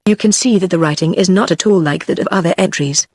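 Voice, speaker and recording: A text-to-speech woman's voice with a British accent, reading the lines of a frank middle-aged landlady in a storybook in an even synthetic way. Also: on the low side, quick pace, husky, no room sound, studio quality. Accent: British English. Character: middle-aged female hotel landlady, frank, quick to take offence.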